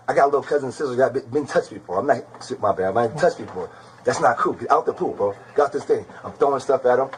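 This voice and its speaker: A man being questioned, giving a rapid, rambling account and repeating "bro" constantly. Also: medium pitch, expressive, a little hiss or hum, low-quality recording. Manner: rapid, repetitive, keeps saying bro. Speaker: interrogated suspect.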